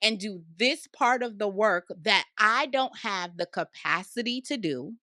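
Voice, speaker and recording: A woman guest talking business in an animated, casual interview, loud and given to cackling laughs. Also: mid-range voice, unhurried, no echo, clean studio sound. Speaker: podcast guest, credit consultant.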